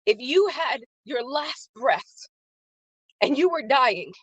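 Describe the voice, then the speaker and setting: A woman's voice: high voice, big pitch swings, slow pace, breathy edge, dry recording, muffled recording. Woman on a livestream, earnest and emotional, repeats herself a lot, dry close sound. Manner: greets chat viewers by name. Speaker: livestream host and faith-based business coach. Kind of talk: live-streamed motivational talk.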